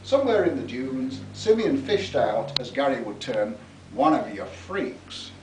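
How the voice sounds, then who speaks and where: An author reads theatrically from his own book, savouring each word and letting his pitch swing widely. He is heard from a distance in an echoey library room, with faint ambience behind him. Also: animated, a little slow, background noise. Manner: theatrical, relishing words, chuckling at his own lines. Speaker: author giving a reading. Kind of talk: reading from his book with spoken asides. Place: public library talk. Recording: echoey room, mic far off.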